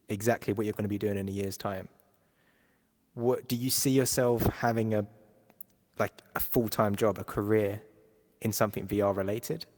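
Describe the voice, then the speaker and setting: With a lowish, slightly mellow voice, a male podcast interviewer keeps things casual, posing relaxed, meandering questions. The sound carries long, echoey reverb.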